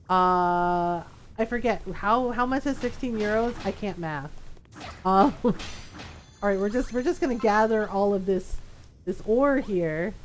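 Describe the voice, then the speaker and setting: A woman's voice: mid-range voice, a little hiss or hum. A woman streaming a video game, chatting casually and rambling with frequent giggles. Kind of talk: casual gameplay chat.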